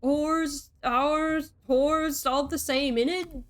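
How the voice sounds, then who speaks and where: A woman's voice: high voice, brisk, close to an everyday voice. A woman voicing a cocky young man with a Cockney accent who teases in a lazy drawl. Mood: teasing. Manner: lazy teasing drawl, then deadpan. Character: cocky snack-pocketing young man, teasing then protective.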